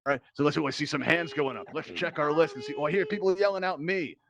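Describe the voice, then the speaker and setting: A man's voice: a little high, fast talker, vocal fry, crowd noise. A man hosting a live virtual reality game show, bantering playfully and teasing his contestants.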